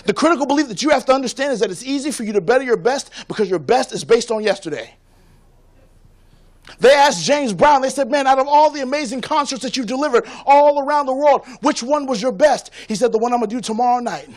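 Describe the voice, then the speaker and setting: High-voiced rousing male keynote speaker. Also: quick pace. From Tampa, Florida. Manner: rousing call-and-response, rhythmic preacher-like cadence. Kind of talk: energetic motivational keynote. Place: conference stage before a live audience.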